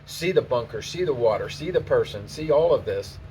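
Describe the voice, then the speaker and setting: A man's voice: medium pitch, expressive, fairly quick, mellow. A man teaching golf outdoors on the course, explaining in a casual, plainspoken, conversational way. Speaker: golf instructor. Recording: distant mic, faint outdoor noise.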